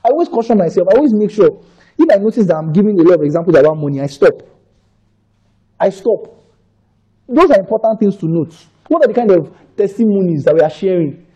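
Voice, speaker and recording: A man's voice: sits high, animated, quick pace, mellow, husky, rough recording. A man with a Nigerian accent preaching a conversational sermon, repeating phrases for emphasis and often checking that listeners are following. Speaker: pastor.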